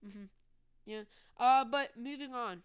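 A woman hosts a casual political commentary podcast, ranting sarcastically and mocking people with put-on voices. Her voice is on the high side and smooth, and she takes her time.

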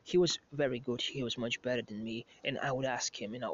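A man's voice: mid-range voice, fairly even intonation, normal speed, fairly bright tone, muffled recording. A man casually telling a story as a vlogger, rambling with many restarts and asides.

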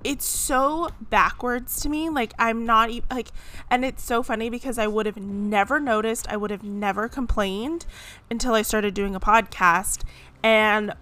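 A young woman hosting a solo podcast, venting in a chatty, animated way with many fillers. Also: a little high, unhurried. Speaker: podcast host. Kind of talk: casual solo podcast rant. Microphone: podcast microphone.

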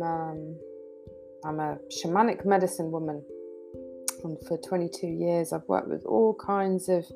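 A middle-aged woman hosting a spiritual podcast, talking in a soft, reassuring way with sighs and small laughs. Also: fairly low pitch, creaky. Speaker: podcast host and channeler. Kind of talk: gentle spiritual podcast talk.

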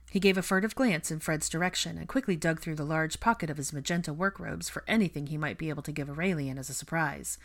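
A woman reading a fan fiction story aloud as narrator, lifting her pitch to voice the characters' dialogue. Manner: reads dialogue with lively pitch lifts. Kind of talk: audiobook narration.

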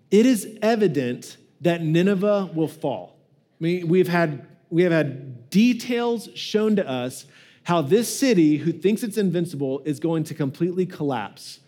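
A man with a high voice preaches in a relaxed, joking way and slips into playful voices for the people in his stories. It sounds like a pastor talking straight to his congregation. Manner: casual and joking, acts out quoted voices. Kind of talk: sermon.

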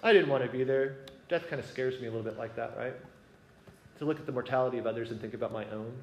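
A man speaks earnestly and conversationally to a gathered group, pausing to check that his listeners follow him. His voice sits at an ordinary pitch for a man. The sound is roomy, with a faint ambient hum underneath. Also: muffled recording. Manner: conversational, asks listeners if it makes sense. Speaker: speaker sharing a reflection. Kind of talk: personal reflection to a gathering. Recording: echoey room with faint ambience.

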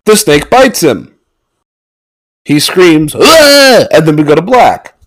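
A man casually recapping a wrestling match with sarcastic commentary and mock-excited outbursts. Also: fairly high pitch, slow pace, rough recording.

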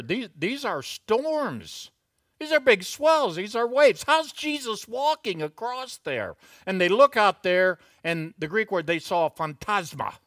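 Slow, bright-voiced middle-aged preacher. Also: male voice, no room sound, studio quality. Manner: slow, deliberate delivery with sudden loud, high emphatic bursts; conversational asides and chuckles. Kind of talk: expository sermon.

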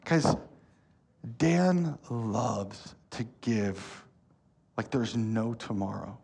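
A man, preaching a sermon as pastor, telling stories with lively energy and turning soft and slow when earnest. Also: on the low side, breathy edge. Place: church hall.

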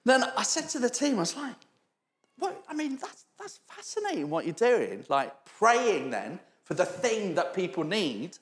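A man's voice: high voice, huge pitch swings, measured pace. Preacher guy telling funny stories, doing everyone's voices, laughing a lot, roomy church sound. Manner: storytelling, acts out quoted voices, laughs often. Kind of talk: sermon with humorous stories. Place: church hall. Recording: echoey church hall.

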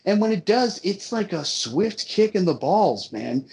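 A man's voice: high-pitched, sing-song, measured pace, creaky, darkish tone. A man ranting in casual talk about a movie he disliked, emphatic and profane, often repeating himself for effect. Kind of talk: casual movie-review rant.

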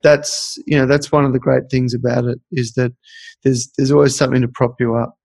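A man with a gravelly edge to his voice recounts stories in a reflective, conversational way. The sound is dry and close, with no room around it. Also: mid-range voice, little pitch movement, a little fast, darkish tone, no echo. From Australia. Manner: reflective, storytelling. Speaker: podcast host. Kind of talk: casual podcast conversation.

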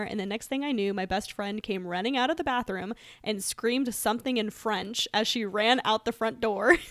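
A young woman in her twenties co-hosting a casual podcast, lively and laughing, reading out listener stories. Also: a little high, no echo, studio quality. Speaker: podcast co-host.

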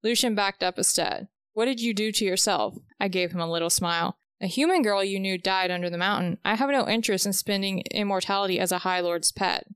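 A woman reading aloud a chapter-by-chapter recap of a novel, with the dialogue read in a steady, even pace. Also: medium pitch, fairly quick, hardly any pauses, smooth, dry recording, studio quality.

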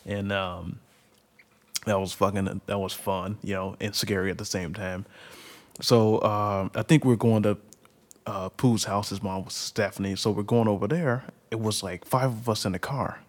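Rambling young man with a lowish voice. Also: fairly even intonation, moderate pace. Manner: rambling, laughs often, many fillers. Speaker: storyteller. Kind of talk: casual personal anecdote.

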